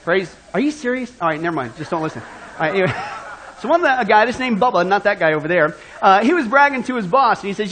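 A man's voice: high voice, animated, fast talker, a bit bright. A male pastor preaching in a joking, conversational way, talking straight to the congregation. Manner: joking, conversational, addresses the crowd. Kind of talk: sermon with a told joke.

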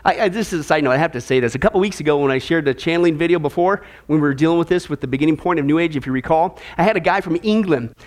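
A male pastor preaching a sermon in an animated, sarcastic way, often repeating his phrases. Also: on the high side, very fast, hardly any pauses.

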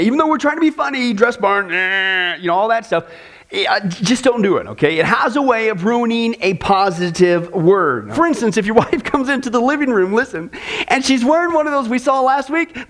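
A male pastor delivering a sermon with a strikingly high voice for a man. He talks in an emphatic, chatty way. He keeps pulling his listeners in with quick asides and checks. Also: fairly bright tone. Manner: emphatic, repeats "listen" and "okay?".

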